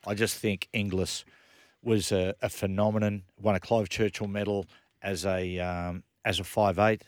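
A man's voice: on the low side, flat delivery, normal speed, no echo, studio quality. A man, hosting a casual sports chat on breakfast radio and telling rambling, self-mocking stories. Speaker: radio host.

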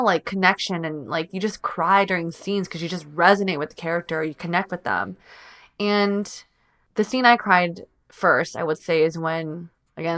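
A woman with a slightly low voice chats about a drama in a loose, heartfelt way. She leans on filler words and restarts as she talks things through. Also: a bit bright. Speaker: drama reviewer. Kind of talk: casual chat.

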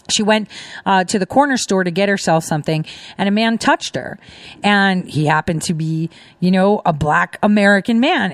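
Animated indignant woman ranting on a livestream. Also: on the high side, no echo, clean studio sound. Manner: animated, indignant, rambling with laughs. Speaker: livestream host. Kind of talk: casual ranting commentary.

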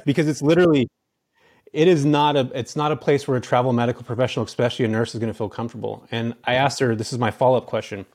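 A man's voice: medium pitch, a little mellow. A man talking casually as an interview guest, a chatty storyteller from California. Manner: fast, chatty storyteller with many fillers. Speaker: guest, real estate investor.

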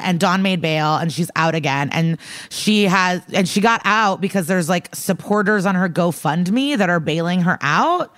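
A woman's voice: lowish voice, a bit bright, no echo, clean studio sound. A woman co-hosting a podcast, recapping a TV episode in casual chat, peppered with "like" and swearing. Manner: chatty, profane, lots of "like" and "um". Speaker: podcast co-host.

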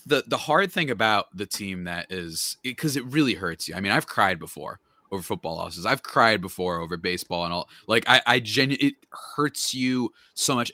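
A man's voice: fairly low pitch, no room sound. A young man ranting animatedly in a casual sports chat as a podcast guest. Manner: animated ranting, mock voices.

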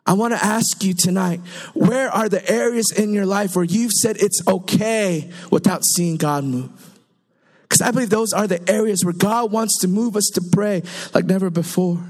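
A young man preaches to a congregation in a light, high-pitched voice. He tells his stories in a chatty, animated way, full of quick asides to the room. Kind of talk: sermon.

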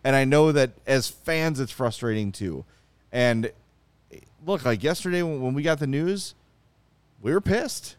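A man hosting a casual sports talk show, ranting in an animated, exasperated way and reading out viewer comments. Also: medium pitch, moderate pace, clean tone, no echo. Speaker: podcast host.

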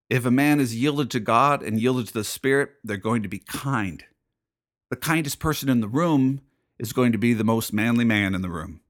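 A man's voice: mid-range voice, normal speed. A man hosting his own show as a pastor, talking in an emphatic, preachy monologue full of rhetorical questions. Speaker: podcast host and pastor. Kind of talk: fired-up spoken monologue.

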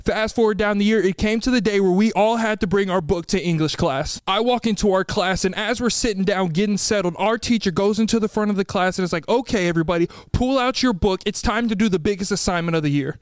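A man's voice: high-pitched, fast talker, hardly any pauses, smooth, no room sound, studio quality. A young man hosting a podcast, telling a story animatedly and acting out other people's lines. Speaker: podcast host.

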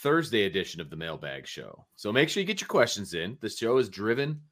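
A man hosting a casual sports talk podcast, energetic and chatty, telling stories with animation. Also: on the low side, a little fast. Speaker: podcast host.

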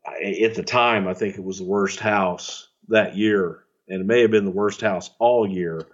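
A man's voice: fairly low pitch, fairly even intonation, normal speed, slightly rough, dull audio. Profane, rambling male storyteller. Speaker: podcast storyteller. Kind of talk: casual storytelling chat.

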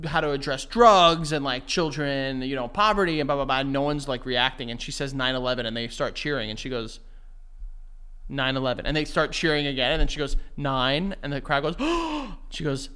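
A man's voice: medium pitch, fairly quick, bright, forceful tone, clean tone. A young man co-hosting a podcast, telling rambling stories in casual chat, swearing and laughing easily. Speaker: podcast co-host.

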